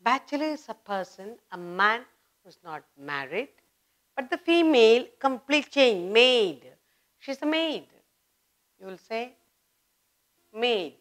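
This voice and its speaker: Woman teacher, Indian English accent, very slow and lively in pitch, drills word pairs for beginners. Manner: slow and deliberate, repeating word pairs with rising emphasis. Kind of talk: slow classroom grammar lesson.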